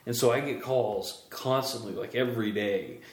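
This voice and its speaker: Animated man hosting in an echoey room. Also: on the low side, moderate pace. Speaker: podcast host. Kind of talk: casual chat. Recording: roomy echo.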